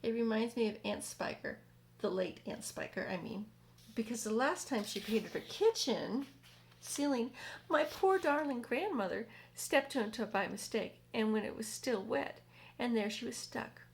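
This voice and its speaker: Brief: woman voicing a prim, gossipy female spider for a storybook; slightly high, rambling. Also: lively intonation, moderate pace, vocal fry.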